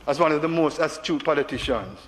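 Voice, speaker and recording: A man's voice: on the high side, lively intonation, fairly quick. A man with a Jamaican accent giving an emotional parliamentary speech as a senator, repeating phrases for emphasis in a large chamber. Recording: reverberant chamber with faint background noise.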